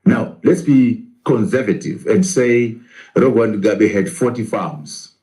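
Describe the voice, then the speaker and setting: A man's voice: on the low side, unhurried, mellow, poor audio. A man, a professor, arguing in a political interview, asking rhetorical questions and answering them himself.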